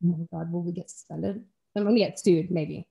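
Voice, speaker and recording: A woman's voice: fairly low pitch, steady tone, brisk, gravelly, warm tone. A young woman chatting casually as a radio guest, bubbly and rambling, with jokey asides. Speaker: guest, band singer and music manager. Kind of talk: casual radio interview chat.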